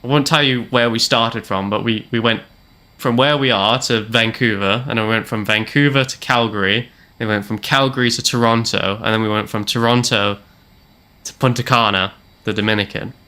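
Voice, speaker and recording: A man's voice: medium pitch, steady tone, a little fast, pushed and bright. A young man streaming a game, casually telling a long rambling travel story with wry repeats. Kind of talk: casual storytelling while gaming.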